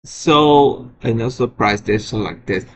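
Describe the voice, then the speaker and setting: A man presenting his alarm sirens in a casual show-and-tell vlog, often halting and restarting his sentences. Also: medium pitch, a little hiss or hum. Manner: halting, frequent restarts and repeated words. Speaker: vlogger showing alarm sirens.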